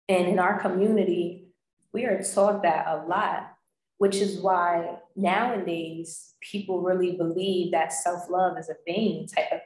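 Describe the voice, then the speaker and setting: A woman's voice: on the low side, a little mellow, slight background noise. Blunt woman host in a roomy space. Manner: candid, blunt, with slang and cursing. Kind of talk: casual chat. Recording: roomy echo.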